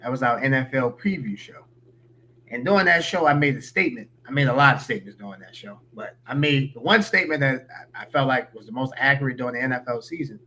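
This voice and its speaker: A man's voice: medium pitch, expressive, quick pace, bright, forceful tone. A man giving opinionated, slangy sports talk as a podcast guest.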